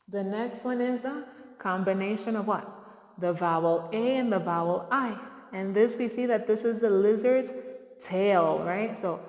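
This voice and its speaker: A woman's voice: medium pitch, a little mellow. A woman teaching a phonics lesson to young children, with encouraging call-and-response prompts and frequent praise. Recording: roomy with long reverb.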